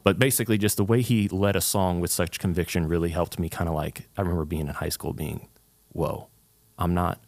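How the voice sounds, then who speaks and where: Earnest young man with a very low voice. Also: fairly even intonation, fast, few pauses, a little mellow, dry recording. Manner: earnest, rambling with many fillers and restarts. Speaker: guest, worship leader. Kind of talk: casual interview chat.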